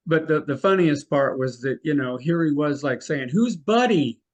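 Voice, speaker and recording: Animated older man telling a story. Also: a little high, moderate pace. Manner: animated, acts out the people he quotes. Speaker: guest, mentalist. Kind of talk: anecdotal storytelling in an interview.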